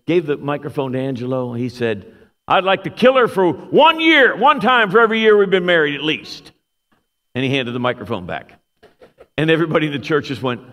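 A man preaching a sermon as a guest speaker, telling a story with lively animation. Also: medium pitch. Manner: animated storyteller, shouts when acting out quotes. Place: church sanctuary. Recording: long hall reverb.

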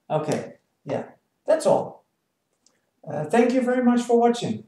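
A man's voice: very high-pitched, very animated, measured pace, pauses often, warm tone, roomy sound, rough recording. A man with a German accent, a native German speaker, teaching an online German lesson and patiently repeating example phrases.

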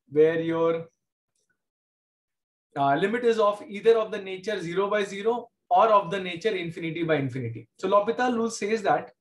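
Casting: Indian English male math teacher, high voice, patient step-by-step delivery. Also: echoey room. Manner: explains step by step, repeats key points. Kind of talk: classroom lecture.

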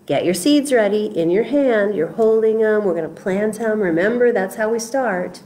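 A middle-aged woman leading children's story time, reading a picture book and singing a seed-planting rhyme in a gently coaxing way. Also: mid-range voice, lively intonation. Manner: slow, sing-song, gently coaxing.

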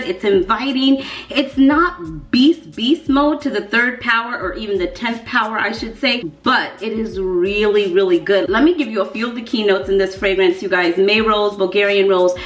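A woman talking casually to her viewers, animated and playful, leaning on emphatic repeats. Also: medium pitch. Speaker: fragrance reviewer. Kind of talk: casual vlog review. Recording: echoey room.

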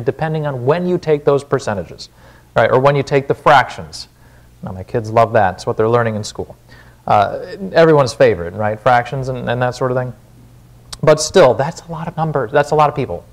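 A man with a Wisconsin accent preaching a sermon in a church, casual and conversational, often asking "right?". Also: mid-range voice. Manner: conversational, frequent "right?" check-ins. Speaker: pastor.

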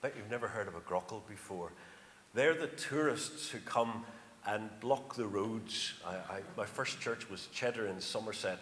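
A man's voice: lowish voice, normal speed, fairly bright tone. A middle-aged man with a County Armagh accent gives a chatty, anecdotal church talk as a charity speaker, stressing his numbers. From Northern Ireland. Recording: echoey church hall, faint noise.

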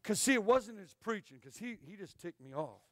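A man preaching a revival sermon as an evangelist, telling a story with animated swings from shouts to hushed asides. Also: high voice, moderate pace, dry recording, clean studio sound.

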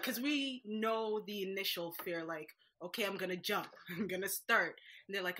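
A woman in her thirties from Jamaica, a business owner talking as a guest in a casual interview, lively and laughing often. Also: medium pitch, normal speed, hardly any pauses, slight background noise.

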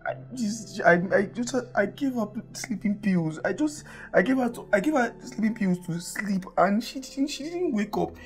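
A man's voice: sits high, expressive, moderate pace, hardly any pauses, soft background music. An actor playing a distraught man who stammers and repeats himself as he begs his brother for help. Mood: panicked. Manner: stammering, repeating words in panic. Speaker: man who found a dead woman at home. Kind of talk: film drama acting.

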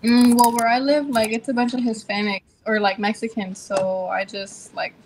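A woman who is a guest in a casual chat, speaking in a soft, hesitant way. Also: a little high, level tone, moderate pace, slight background noise, low-quality recording.

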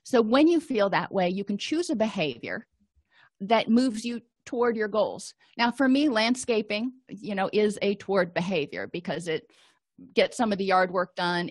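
A middle-aged woman counselor giving a calm, explanatory lecture and walking listeners through exercises. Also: mid-range voice, no room sound, clean studio sound. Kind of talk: recorded lecture.

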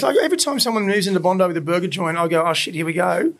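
A man's voice: high voice, rapid-fire. An Australian man who owns a burger restaurant, chatting in a casual interview, swearing freely and acting out the voices in his stories. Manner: animated storyteller, swears freely, acts out quoted voices. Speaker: burger restaurant owner, guest.

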